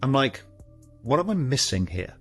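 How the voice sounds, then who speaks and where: A man, a former trader, telling an animated story about a deal and acting out phone calls with his colleagues. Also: medium pitch, normal speed, vocal fry, slightly rough, soft background music. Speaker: interview guest, former trader. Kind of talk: storytelling anecdote.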